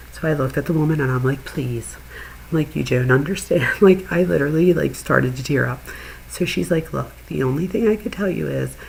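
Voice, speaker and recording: A middle-aged woman and channel host, chatting casually with viewers and telling an animated story, laughing as she goes. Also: deep voice, a little hiss or hum, rough recording. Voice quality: gravelly, husky. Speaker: true crime channel host.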